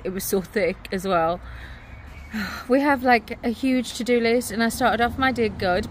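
A woman's voice: mid-range voice, slight background noise. A woman vlogging in her garden, chatting casually and laughing often. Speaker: vlogger and mother. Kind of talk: casual chat to camera. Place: outdoors in a garden.

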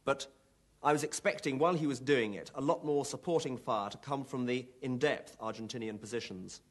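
A man, a former company commander, recounting a battle in a measured, understated documentary interview with a dry touch. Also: medium pitch.

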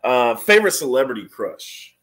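A man, a teacher, asking questions in a casual chat, playful and quick to laugh. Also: medium pitch, very animated, fairly bright tone.

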